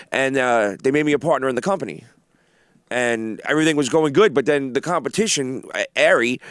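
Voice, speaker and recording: A man in his forties, a podcast guest telling a story in halting, filler-filled speech. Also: mid-range voice, no echo, clean studio sound. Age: 40s.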